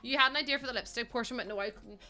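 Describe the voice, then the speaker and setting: A woman's voice: fairly high pitch, rapid-fire, sharp tone, faint music behind. A young woman from Northern Ireland with a Northern Irish accent, chatting casually with viewers while building in a game on a livestream. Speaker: game streamer.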